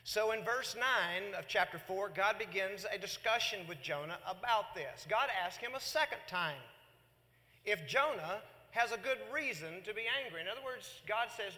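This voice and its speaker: A man preaching a sermon in an animated way, acting out the words of God and Jonah. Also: high-pitched, moderate pace, big-room sound. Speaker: pastor.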